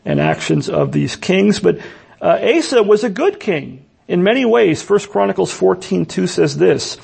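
A man's voice: sits high, expressive, moderate pace, vocal fry, darkish tone, breathy edge. A man preaching a sermon, asking rhetorical questions and often repeating words as he restarts his sentences.

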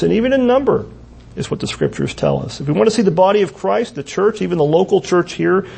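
A man preaching a sermon as pastor, earnest, with pauses and repeated phrases. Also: on the high side, gravelly, a little mellow, breathy edge.

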